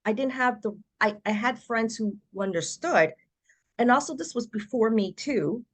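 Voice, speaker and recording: A middle-aged woman, a podcast guest, telling her personal story in a lively way and acting out what other people said. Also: on the high side, normal speed. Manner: animated storyteller who acts out quoted voices.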